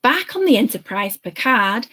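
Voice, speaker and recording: Woman, live watch-along co-host, giggly, sarcastic, a bit high voice. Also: sing-song, normal speed, a bit bright.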